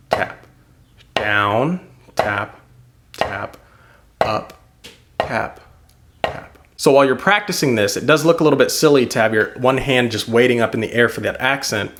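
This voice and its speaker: A young man teaching drum rudiments, counting the sticking aloud slowly and encouraging the learner. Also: medium pitch, fairly bright tone. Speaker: drum instructor. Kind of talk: instructional lesson.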